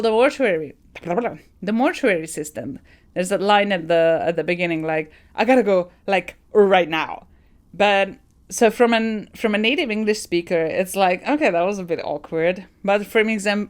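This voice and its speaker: A woman's voice: fairly low pitch, a bit bright. Rambling, thoughtful woman streamer. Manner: thoughtful, rambling with many fillers and restarts. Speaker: game streamer. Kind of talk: casual game review chat.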